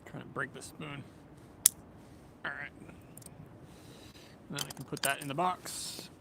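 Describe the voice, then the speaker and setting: A mid-range voice with vocal fry, unhurried and measured, belongs to a man livestreaming on a city walk near train tracks. Relaxed and rambling, he chuckles often while reading viewer comments, and outdoor street noise with passing vehicles and trains fills his small camera-mounted mic.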